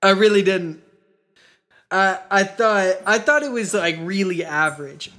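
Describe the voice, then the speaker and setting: Bright high-voiced male podcaster. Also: a little slow. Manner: hesitant, restarts sentences. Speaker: podcast co-host. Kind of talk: casual podcast chat.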